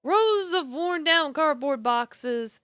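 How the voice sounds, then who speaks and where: A woman streamer with a high, bright voice reads a game's story aloud, swinging her pitch widely as she narrates. She drops into casual asides to her chat between passages. The sound is dry and close, with faint game music underneath. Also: slow pace, no room sound. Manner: expressive narration broken by casual asides and laughs. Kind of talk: reading a visual novel aloud on stream.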